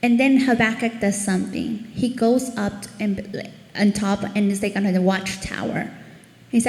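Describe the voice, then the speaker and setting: A woman's voice: medium pitch, moderate pace, gravelly. Earnest woman teaching scripture, echoey room. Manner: earnest, animated when reading scripture aloud. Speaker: ministry speaker. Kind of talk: devotional Bible teaching. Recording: echoey room with long reverb.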